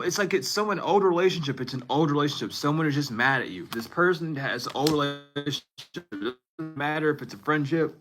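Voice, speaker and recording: A man's voice: medium pitch, sharp tone. A man in his twenties giving a casual, rambling spiritual reading to viewers, often cutting himself off and laughing at himself. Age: 20s. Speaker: tarot reader.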